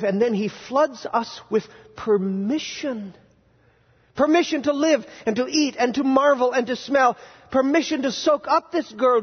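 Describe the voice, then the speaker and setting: A male pastor preaching a sermon in a church, animated and quizzing his congregation with playful sarcasm. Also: very high-pitched, husky. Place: church sanctuary. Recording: dull, reverberant church hall recording.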